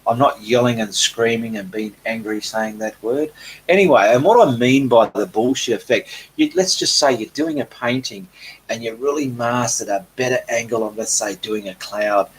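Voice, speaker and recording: A man hosting a relaxed live painting Q&A, reading viewer comments aloud in a chatty way with frequent ums. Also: medium pitch, moderate pace, a little hiss or hum, low-quality recording. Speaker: painting channel host.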